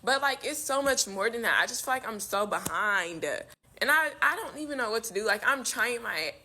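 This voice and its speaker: A woman's voice: a little high, lively intonation, normal speed, bright, forceful tone, a little hiss or hum. A woman in her twenties close to tears, frustrated and swearing as she calls herself a failure in a confessional vlog. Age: 20s. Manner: frustrated, swearing, self-critical. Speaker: vlogger in a played clip.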